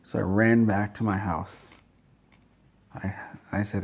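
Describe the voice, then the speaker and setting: A man with a low, husky voice spins an absurd comic tale with a completely straight face. He rambles and backtracks over his own words. The recording is dull and lo-fi. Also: a little slow, pauses often. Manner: deadpan, rambling with self-corrections. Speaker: comedic storyteller. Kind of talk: absurd comedic story told straight-faced.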